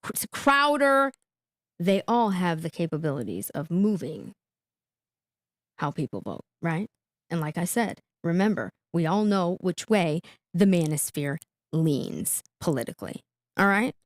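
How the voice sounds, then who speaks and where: A woman's voice: on the low side, big pitch swings, a little slow, no room sound. Woman streamer reacting live, talky, laughs a lot, swoopy voice, dead dry sound. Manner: chatty, laughs often, repeats "okay?".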